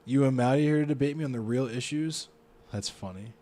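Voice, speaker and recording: A man's voice: medium pitch, brisk. A man with a Baltimore accent, streaming live, reading a news story aloud and reacting to it with a lot of swearing. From Baltimore, United States. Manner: profane, reacts loudly to what he reads.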